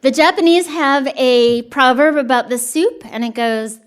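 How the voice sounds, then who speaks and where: Higher-voiced woman poet, chatty and self-deprecating. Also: unhurried, hardly any pauses, clean tone. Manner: self-deprecating, laughs while telling stories; chatty asides with many fillers between poems. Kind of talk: poetry reading with spoken storytelling between poems. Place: on stage at a live reading.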